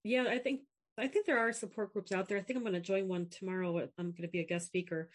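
A young woman, an app founder appearing as a guest, speaks quickly at a medium pitch in a candid, casual interview. She's a frank, animated storyteller who acts out what other people said, doing their voices.

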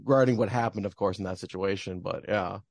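A man's voice: fairly low pitch, fast talker, gravelly, darkish tone, no room sound, clean studio sound. A man interviewing a guest in a casual, reflective, chatty way. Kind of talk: conversational interview.

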